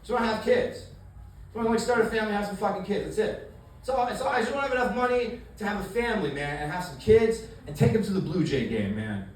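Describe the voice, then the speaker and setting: A man's voice: high-pitched, expressive, fast talker, slight background noise. Rambling young man doing stand-up, echoey. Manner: rambling, self-mocking, lots of fillers and restarts. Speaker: stand-up comedian. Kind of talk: stand-up comedy set. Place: comedy club stage. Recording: echoey room mic heard from far off.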